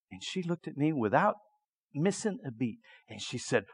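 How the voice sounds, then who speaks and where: A middle-aged male preacher telling a story in a sermon, dropping to a hush and then shouting. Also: mid-range voice, moderate pace, slightly rough. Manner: lively storytelling that swings from hushed to shouting.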